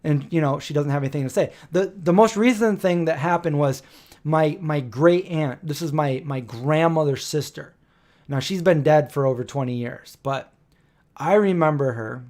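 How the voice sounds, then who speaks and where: A man's voice: fairly high pitch, normal speed, a little mellow. A man in his forties hosting a live stream, telling rambling family stories and acting out the dialogue. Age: 40s. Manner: anecdotal, acts out quoted dialogue.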